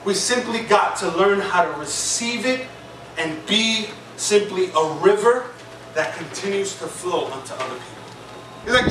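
A man's voice: high voice, lively intonation, unhurried, noisy background. A man preaching a sermon as pastor, telling stories in a conversational, humorous way and drawing responses from the congregation. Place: church sanctuary. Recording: echoey hall from far off, with music.

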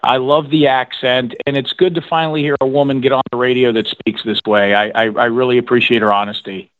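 A man's voice: mid-range voice, steady tone, a little fast, dry recording. A man calling in to a podcast, effusive and stammering. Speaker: caller. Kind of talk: phone-in call. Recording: tinny phone line.

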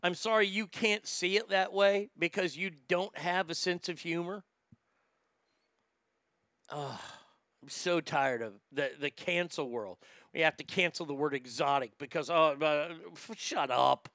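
Man, comedian host, profane ranting, highish voice, crisp. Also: a little slow, sharp tone, no echo, studio quality. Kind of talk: livestream chat reading and ranting.

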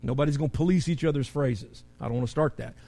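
A pastor preaching a sermon in a church, animated, with rising and falling emphasis. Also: male voice, medium pitch, fast talker.

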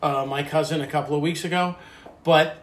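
An older man reflecting on his family history in a relaxed conversation, halting at times as he remembers. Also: on the high side. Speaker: guest telling family history. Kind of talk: casual conversation.

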